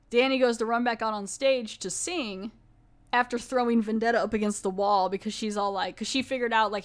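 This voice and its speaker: A woman podcast host casually recapping a TV episode, chatty and full of fillers and restarts. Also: mid-range voice.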